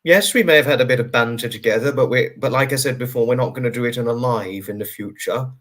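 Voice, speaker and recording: A man talks on his livestream at a middle pitch, sounding tired. He rambles earnestly through viewer comments, full of fillers and reassurance. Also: fast talker, fairly bright tone. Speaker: livestream host. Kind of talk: casual livestream chat, answering viewer comments.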